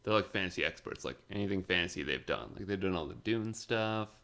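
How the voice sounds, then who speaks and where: A young man co-hosting a casual podcast, laid back and quick to agree and laugh along. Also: sits low, animated, a bit bright. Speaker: podcast co-host. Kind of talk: casual chat. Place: shared room with co-hosts.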